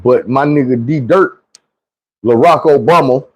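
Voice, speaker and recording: A man's voice: mid-range voice, a little slow, darkish tone, husky. A man telling a comic personal story in a casual, profane way, acting out the quoted voices. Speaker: storyteller host.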